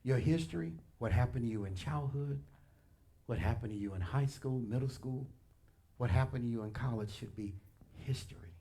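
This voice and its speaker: A man pastor preaching a sermon in a church, animated and colloquial, addressing the congregation directly with punchy asides. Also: medium pitch, moderate pace. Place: church sanctuary.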